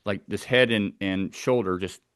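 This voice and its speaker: A man with a somewhat low voice tells a tense first-person account of a wilderness encounter, acting out sounds as he goes. The recording is dry and close, with no room around him. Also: normal speed, fairly bright tone, no room sound. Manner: tense, vivid storytelling that acts out sounds. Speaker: eyewitness telling of a wilderness encounter.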